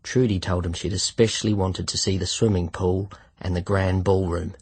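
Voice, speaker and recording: A man narrating a literary short story in the first person, measured and reflective. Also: low-pitched, steady tone, a little mellow, slightly rough. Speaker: audiobook narrator.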